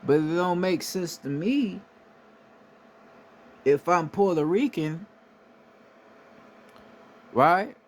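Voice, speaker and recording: A man's voice: sits high, lively intonation, extremely slow, pauses often, a little hiss or hum. A man from the United States giving a casual, emphatic monologue, swearing freely and often asking "right?" to drive his points home. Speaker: spiritual commentator.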